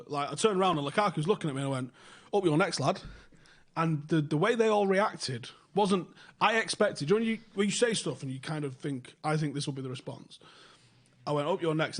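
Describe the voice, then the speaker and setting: A young man, telling a story in casual podcast chat, swearing freely and getting animated when excited. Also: on the high side, brisk. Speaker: podcast host.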